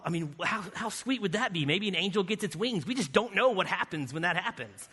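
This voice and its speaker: High bright-voiced man preaching in a hall. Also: brisk, few pauses, slightly rough. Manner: lively anecdotal delivery with playful asides. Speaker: guest speaker. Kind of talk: storytelling sermon. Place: church sanctuary. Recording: reverberant church hall.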